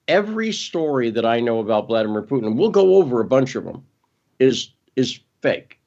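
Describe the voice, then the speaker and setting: A man speaking as a guest, pressing his points quickly and stopping to correct himself mid-thought. His voice sits at an ordinary pitch. The sound is muffled and lo-fi, like call audio. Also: sing-song, creaky, darkish tone. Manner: emphatic, quick, often restarts and corrects himself. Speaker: interview guest. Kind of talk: casual interview talk.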